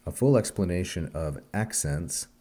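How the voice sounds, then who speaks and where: A man teaching a recorded language lesson, spelling out letters and syllables one at a time in a slow, deliberate way. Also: low voice, expressive, warm tone.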